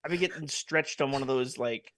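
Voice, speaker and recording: A man co-hosting a podcast, cracking dry, deadpan jokes in casual chat. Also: mid-range voice, fairly quick, no echo. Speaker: podcast co-host.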